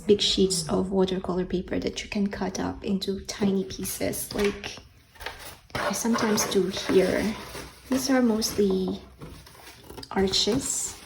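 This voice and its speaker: Woman chatting slowly in a vlog, gravelly voice, lots of ums, a bit of faint hiss behind. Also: mid-range voice, a little mellow, poor audio. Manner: slow, hesitant, many ums and restarts. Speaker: art channel host. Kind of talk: casual show-and-tell vlog. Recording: faint background noise.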